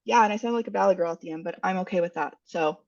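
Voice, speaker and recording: A woman's voice: fairly low pitch, very fast, creaky, darkish tone, far from the mic, dull audio. A woman presenting and wrapping up a webinar, chatty and filler-heavy, with upbeat rising endings, heard over an online call. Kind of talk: casual webinar wrap-up.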